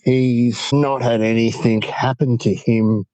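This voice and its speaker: A man's voice: mid-range voice, takes it slowly, no room sound, poor audio. A man with an Australian accent, a guest on an interview show, animatedly recounting a night-time encounter and quoting what he and his friend said. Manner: animated storyteller, quoting himself and others. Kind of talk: telling an encounter story.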